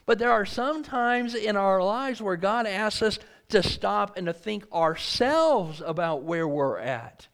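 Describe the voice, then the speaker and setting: A man's voice: high-pitched, expressive, slow pace, hardly any pauses, fairly bright tone, smooth. A man preaching a sermon, reading scripture aloud and asking earnest rhetorical questions.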